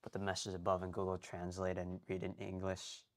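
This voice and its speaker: A young man live-streaming his language study, rambling and thinking out loud, often muttering to himself and restarting sentences. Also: sits low, monotone, fairly quick. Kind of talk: casual live-stream chatter.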